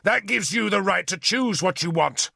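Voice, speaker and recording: A man's voice: high voice, lively intonation, moderate pace, gravelly, sharp tone, dry recording, clean studio sound, pitched above the performer's own voice, exaggerated voice. A man playing a hardened, aging warrior lord who snarls and barks orders. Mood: angry.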